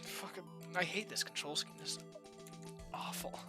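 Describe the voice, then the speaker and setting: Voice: medium pitch, unhurried, over music. A game streamer giving live, frustrated, swearing reactions while playing. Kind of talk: live-stream gameplay commentary.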